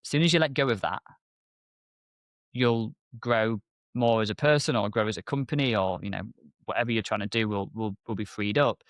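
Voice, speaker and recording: A man's voice: fairly quick, no echo. A man co-hosting a casual business podcast, telling stories and acting out conversations with lots of energy. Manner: animated storyteller, acts out exchanges with rising pitch. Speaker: podcast co-host, MSP business owner.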